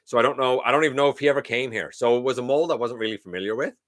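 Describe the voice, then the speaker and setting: Talking rapid-fire in a fairly bright, mid-range voice, a middle-aged man hosts a live toy-collecting stream, chatting casually and greeting viewers by name.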